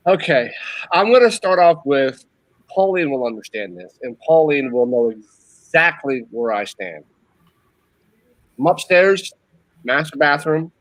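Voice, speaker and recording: A man's voice: on the high side, very animated, unhurried, pauses often, rough recording. A man telling a funny story in casual chat, repeating lines for effect. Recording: faint background noise.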